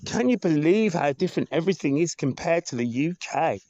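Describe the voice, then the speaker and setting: A man chatting to camera in an amazed, excitable way. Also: on the high side, brisk, dry recording, highs cut off. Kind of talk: casual vlog chat.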